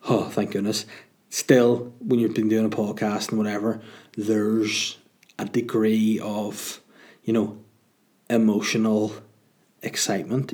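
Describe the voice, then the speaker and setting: A man's voice: fairly low pitch, warm tone. A young man, hosting a podcast and telling a comic story in a sardonic, self-mocking way, swearing freely. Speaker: podcast host.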